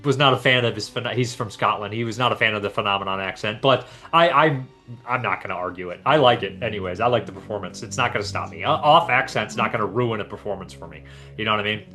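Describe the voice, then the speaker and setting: A man's voice: fairly low pitch, fast, sharp tone, soft background music. Casual man hosting a film chat. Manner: rambling, many restarts and fillers. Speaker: podcast host.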